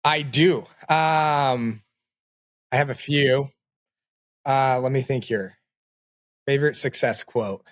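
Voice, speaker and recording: A man in his late twenties, a podcast guest, talking in a reflective, halting way with many fillers. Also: medium pitch, dry recording. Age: 20s. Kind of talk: casual interview talk.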